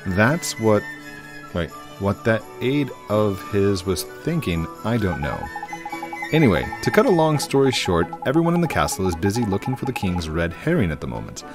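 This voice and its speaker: A man's voice: fairly low pitch, big pitch swings, normal speed. A man reading the lines of a polite, formal male palace guard in a game, with music behind.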